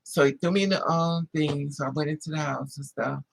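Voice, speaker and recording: A man vlogging, telling a personal story in an animated, emphatic way with plenty of swearing. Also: on the high side, a little fast, vocal fry, a little hiss or hum, low-quality recording.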